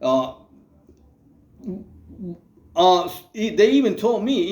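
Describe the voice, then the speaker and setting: A man's voice: fairly high pitch, expressive, moderate pace, a little mellow, echoey room, muffled recording. A man hosting his channel, talking in a loose, rambling, streetwise way full of fillers. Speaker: channel host. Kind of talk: casual monologue to camera.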